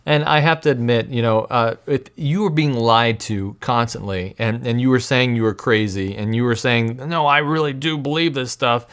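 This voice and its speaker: A man's voice: mid-range voice, moderate pace, hardly any pauses, a bit bright, clean tone. A man hosting a podcast, giving casual commentary on video clips in a rambling way with restarts and small chuckles. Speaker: podcast host.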